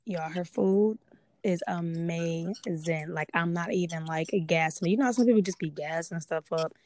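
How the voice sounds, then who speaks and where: A woman's voice: lowish voice, normal speed, darkish tone, dry recording. A woman hosting a casual podcast, chatty and repeating herself for emphasis as she talks straight to her listeners. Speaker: podcast host.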